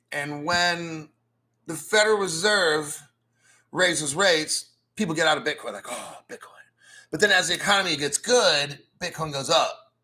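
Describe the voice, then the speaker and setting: A man talks crypto on his own livestream in a loose, blunt, profane way. His voice sits a little high and bright. He clears his throat often and answers viewer chat as he goes. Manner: mocks newcomers with sarcastic put-on quotes. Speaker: crypto channel host. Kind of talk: casual livestream commentary.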